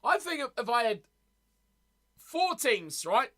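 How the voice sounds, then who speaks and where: A man's voice: extremely high pitch, sing-song, slow, pushed and bright. A man hosting a casual live stream, chatting loosely and answering his viewers as he talks, often repeating words. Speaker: streamer reading live chat.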